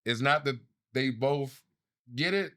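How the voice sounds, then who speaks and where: A man's voice: mid-range voice, takes it slowly, pushed and bright, smooth, dry recording, clean studio sound. A man in his thirties co-hosting a casual podcast, telling a parenting story with free swearing, his voice rising as he gets worked up. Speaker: podcast co-host. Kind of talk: casual chat.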